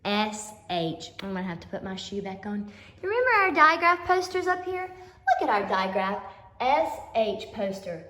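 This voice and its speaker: A woman's voice: mid-range voice, big pitch swings, normal speed, a bit bright, reverberant. A woman teacher giving a playful phonics lesson to young children, gasping and acting surprised as she goes. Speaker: kindergarten teacher. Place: empty classroom.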